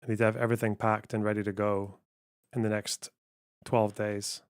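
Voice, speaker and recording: A man's voice: on the low side, level tone, normal speed, no echo, studio quality. A man hosting a live stream, chatting casually and muttering offhand remarks as he reacts to clips. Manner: offhand, chuckling, muttering to himself.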